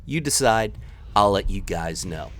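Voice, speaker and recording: A man's voice: fairly low pitch, lively intonation, measured pace, fairly bright tone. A man in his thirties from the New York area, casually telling a story and talking viewers through his gameplay in a chatty, rambling, teasing way. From New York area, United States. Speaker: gameplay commentator.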